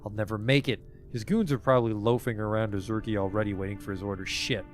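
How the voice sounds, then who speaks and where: A man voicing a hoarse, jumpy male smuggler who swings between eagerness and snarling threats, read from game dialogue. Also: lowish voice, fairly even intonation, fast talker, soft background music, lightly acted. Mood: grudging. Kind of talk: reading game dialogue aloud.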